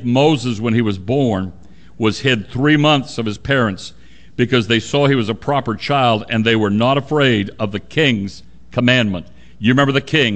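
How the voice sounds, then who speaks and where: A man preaching a sermon, earnest and emphatic, dropping low and quiet to stress points.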